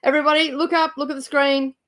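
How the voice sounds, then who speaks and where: A woman's voice: high voice, little pitch movement, fast talker, fairly bright tone. A young woman hosting a book club livestream, chatting casually, giggling often and greeting viewers by name.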